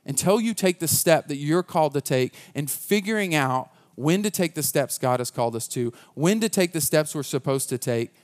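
A man's voice: on the high side, expressive, moderate pace, few pauses. A man preaching a conversational sermon as pastor, earnest and casual, often restarting his sentences.

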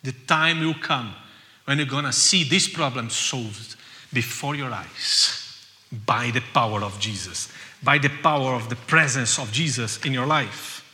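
Man preaching, fervent repeated phrases, very bright tense voice, echoing church hall. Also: mid-range voice, a little slow. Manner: impassioned, repetitive preaching that builds to loud cries. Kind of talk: sermon. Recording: long hall reverb.

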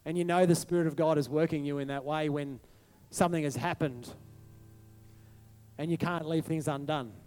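Male pastor, high voice, preaching a sermon that builds from hushed to fervent, faint music underneath. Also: steady tone, normal speed, clear, resonant tone. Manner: soft and hushed at first, building to a rising passionate appeal. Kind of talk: sermon over worship music.

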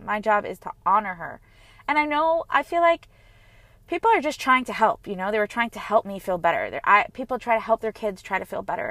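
A woman in her thirties, a mother, talking earnestly and gently about her own experience in a heartfelt personal monologue. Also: mid-range voice, no room sound. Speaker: mother sharing personal reflections.

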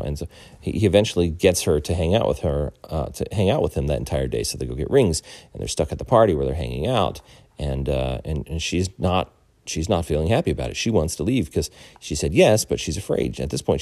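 Very low, dark-voiced man, casual film recap, dry close recording, halting delivery. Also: dry recording. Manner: halting, many fillers and restarts. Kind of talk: casual film plot retelling.

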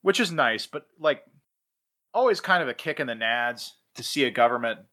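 A man's voice: mid-range voice, expressive, moderate pace, sharp tone. A man casually telling a story on a podcast, rambling with fillers and laughing mid-sentence.

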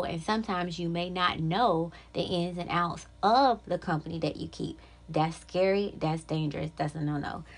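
A woman hosting her own podcast in casual solo chat, upbeat and chatty, talking straight to her listeners. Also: mid-range voice. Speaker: podcast host.

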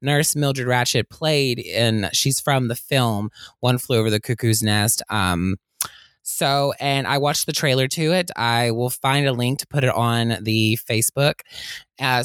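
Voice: medium pitch, unhurried, fairly bright tone, clean tone, dry recording, clean studio sound. A podcast co-host in casual chat, bubbly and enthusiastic, often breaking into giggles.

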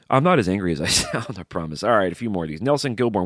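A man's voice: sits low, fast talker, dry recording, clean studio sound. A middle-aged man from the American South with a Southern accent, telling stories in a casual, profane, rambling monologue as a podcast host. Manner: rambling, profane, animated storytelling.

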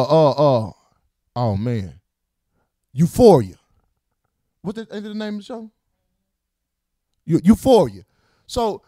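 A young man co-hosting a casual chat show, ranting loudly in a profane, joking way. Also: sits high, no room sound, clean studio sound. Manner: loud, profane, joking rants. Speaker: podcast co-host.

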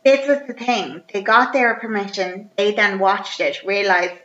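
A woman chatting casually, retelling a film's plot with animated, sweary humour and acting out the characters. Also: mid-range voice, a little slow, hardly any pauses. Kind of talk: casual chat. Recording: roomy, slightly dull recording.

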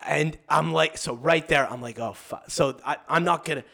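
A man's voice: on the high side, moderate pace, gravelly, sharp tone. Profane, rambling young man storyteller. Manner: acts out other people's voices in anecdotes. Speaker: podcast guest. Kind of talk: casual podcast chat.

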